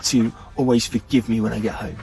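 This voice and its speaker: A man's voice: on the low side, level tone, brisk, gravelly, recorded from a distance, pitched below the performer's own voice. A man voicing a nervous, rebellious young runaway who stammers in a told story. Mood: anxious.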